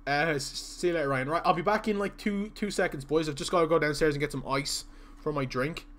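A man's voice: a little high, fairly quick, a bit bright. A young man, chatting and joking casually through a live gaming stream while he reads out viewer messages.

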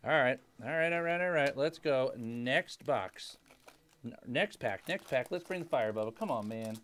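A man's voice: mid-range voice, normal speed, slight background noise. Hyped young man calling out cards. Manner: hypes each card with loud, lively call-outs of player names. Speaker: card break host. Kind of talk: casual live-stream card break.

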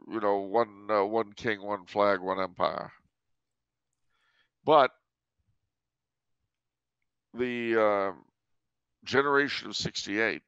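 A man's voice: lowish voice, vocal fry, fairly bright tone, smooth, dry recording. A man hosting a podcast, talking in a wry, digressive storytelling way. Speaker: podcast host. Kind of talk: casual conversational chat. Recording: dry, dull lo-fi sound.

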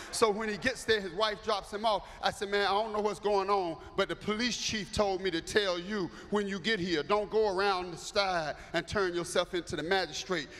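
A man preaching as bishop, telling a story in an animated way and acting out the voices. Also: high voice, slight background noise. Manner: animated, acts out voices, builds to shouting. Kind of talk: storytelling sermon. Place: large church sanctuary. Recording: echoey church hall, faint ambience.

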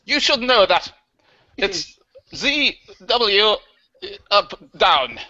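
Man doing a haughty old games oracle, high-pitched, bright and sharp, lofty, condescending, dull lo-fi audio. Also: very animated, extremely slow, heavily acted. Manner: grand, condescending pronouncements.

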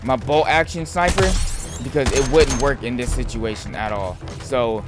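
A young man commenting on his gameplay in a casual, excitable way, yelping and muttering at the game. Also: medium pitch, normal speed, over music. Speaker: gaming YouTuber.

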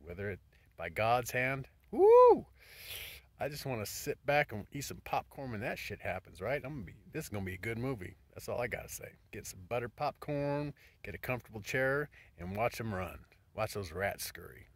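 Husky man ranting, then whispering. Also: lowish voice, expressive, brisk, no room sound. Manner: ranting, profane, swings between loud outbursts and soft whispers. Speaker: vlogger. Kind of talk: casual monologue to camera.

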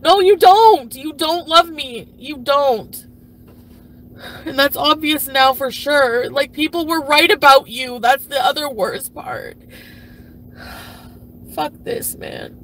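A woman voicing a jilted, furious female streamer who is crude and self-pitying, for a puppet comedy. She swears constantly and swings between yelling and mumbling. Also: high voice, slow pace, heavily acted. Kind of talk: comedic impression of a livestream rant.

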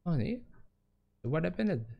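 A man voicing a worried young girlfriend in a horror game, raising his voice to sound soft and anxious. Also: on the low side, sing-song, a little slow, creaky, lo-fi sound, voice pushed up, exaggerated voice.

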